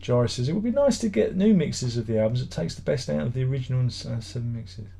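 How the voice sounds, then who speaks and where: This middle-aged livestream host has a medium-pitched, expressive voice that is fast, creaky, dark, and slightly rough. Chatting loosely from home, he reads viewer comments aloud and rambles with sardonic grumbling and mock exasperation.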